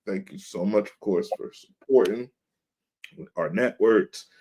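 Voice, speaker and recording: Low-voiced guy hosting a podcast, telling a story and doing everyone's voices, super casual. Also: unhurried, slight background noise. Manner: animated storyteller, acts out quoted voices. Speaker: podcast host.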